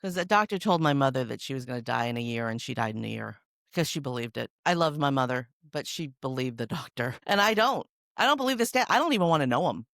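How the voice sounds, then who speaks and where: A middle-aged woman hosting a podcast, chatting casually and telling stories in an animated, emphatic way. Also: rumbling low, quick pace, gravelly, dry recording, clean studio sound. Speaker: podcast host. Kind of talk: casual conversation.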